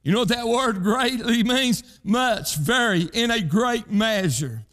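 A man's voice: extremely high pitch, lively intonation, unhurried, a bit bright. A man preaching a sermon in rhythmic, emphatic bursts, punctuated with "hey" and "huh" calls to the congregation, in plain country speech.

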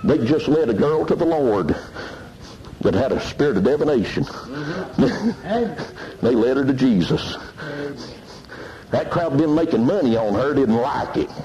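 A man preaching a fiery revival sermon in church, shouting and laughing between exclamations. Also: medium pitch, animated, measured pace, pauses often, lo-fi sound. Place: church service with congregation. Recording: loud crowd noise in church. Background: loud congregation responding.

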